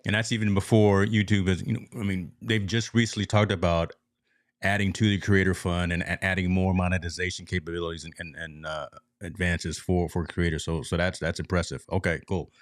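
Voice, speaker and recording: Deep-voiced man hosting an interview. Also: level tone, a little fast, no room sound, studio quality. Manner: hypes the guest's points, asks for repeats. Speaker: podcast host.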